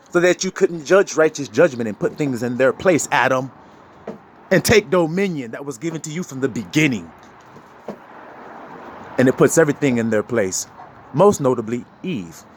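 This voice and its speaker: Brief: man, sermon preacher, animated pitch, higher voice, faint noise behind. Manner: preachy, laughs often, swings between loud and low. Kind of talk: street sermon.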